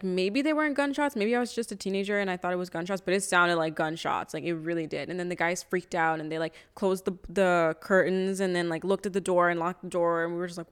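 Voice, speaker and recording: A woman's voice: on the low side, clean tone. A young woman in her twenties, co-hosting a podcast, telling a story casually with a lot of swearing. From Toronto area, Canada. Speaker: podcast co-host.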